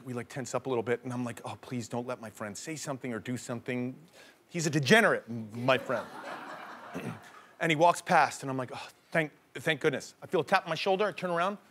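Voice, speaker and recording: A young man hosting a comedy show, telling jokey stories in an animated way and laughing through them. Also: fairly high pitch, slight background noise. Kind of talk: comedic monologue.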